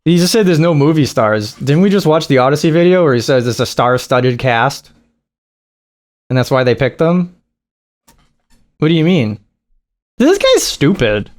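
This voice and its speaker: Animated, mocking male reaction streamer. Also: fairly high pitch, normal speed, pauses often. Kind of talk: reaction commentary.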